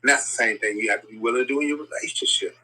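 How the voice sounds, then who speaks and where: A man's voice: mid-range voice, racing, bright, forceful tone, rough recording. A man co-hosting a casual conversation, thinking aloud and repeating words while he searches for them. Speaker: podcast co-host.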